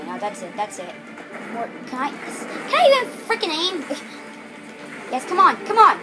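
A woman commenting on her own gameplay, excitable and frustrated, pleading with the game. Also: high voice, moderate pace, pauses often, loud music behind the voice, low-quality recording. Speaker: game player.

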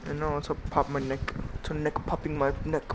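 A man's voice: a little high, completely flat delivery, brisk, background noise. A man giving joking, squeamish commentary while playing a game, swearing now and then. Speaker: gamer. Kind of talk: gameplay commentary.

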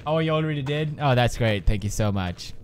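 A young man hosting a joking let's-play commentary, excitable and prone to yelps and laughter. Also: medium pitch, brisk, slight background noise. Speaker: gaming video host.

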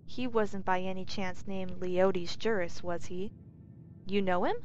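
A woman's voice: mid-range voice, fairly even intonation, a little slow, a little mellow, a little hiss or hum, natural voice. A woman voicing a grim, world-weary male Cyrodiil trader with a dry way of talking, in a storybook reading. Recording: dull lo-fi recording, faint music.

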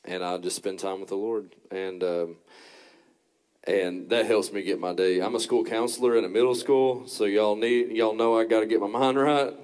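A man, a worship pastor as guest, sharing reflectively with halting fillers. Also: fairly low pitch, fairly even intonation, a little mellow. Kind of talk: casual testimony chat.

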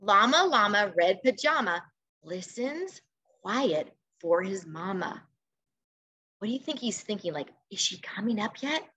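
Over a video call, a female teacher reads a picture book to kids in an expressive, coaxing way, pausing to pose questions. Her voice sits in the mid range with a slight roughness.

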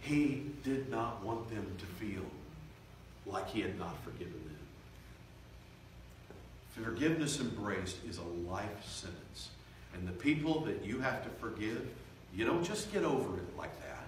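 A man preaching a revival sermon, swelling loud and slow for emphasis, then dropping to quiet, confiding tones. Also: fairly low pitch, animated, slight background noise. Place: church sanctuary. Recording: echoey church from far off.

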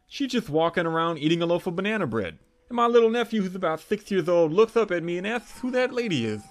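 A young adult man telling a crude comic story in an animated, irreverent way with punchy delivery. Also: sits high. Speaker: comedic storyteller.

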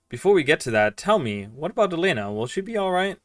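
A man's voice: a little high, big pitch swings, fast, few pauses, dry recording, studio quality, distant mic. A man giving casual commentary over a game, rambling with lots of fillers and reading lines aloud. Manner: rambling, filler-heavy, reads dialogue aloud. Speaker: streamer playing and commenting.

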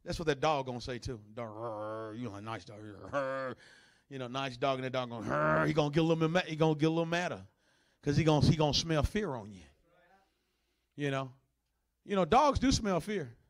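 A man preaching a sermon, with a notably high voice for a man. He moves from chatty asides to loud, soaring bursts, and now and then growls to mimic a dog. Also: expressive, fast talker. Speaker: pastor.

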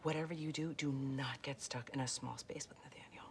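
A woman's voice: very deep voice, fairly even intonation, fairly quick, slight background noise. An actress playing a blunt, worldly woman in a TV comedy, making dry asides. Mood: wry.

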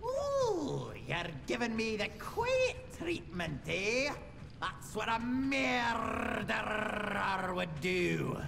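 A squawking, high Scottish bird conductor, gravelly and blustering, swinging wildly up and down in a bright, slow drawl. His game voice rings in a long reverb over faint hiss. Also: huge pitch swings, full character voice. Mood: suspicious. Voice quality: gravelly, exaggerated accent. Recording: roomy reverb with faint noise.

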